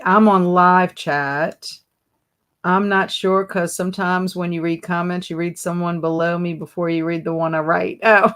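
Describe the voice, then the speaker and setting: A woman hosts a live stream in an unhurried, drawn-out way. She chats casually, reads viewers' comments aloud and keeps dissolving into giggles. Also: lowish voice. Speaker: livestream host.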